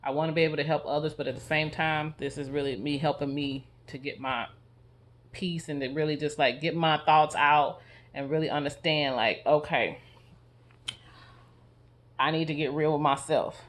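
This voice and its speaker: A man speaking in a personal, reflective vlog, earnest and confessional, often halting and restarting his sentences. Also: fairly high pitch, fairly even intonation, a bit bright. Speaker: vlogger.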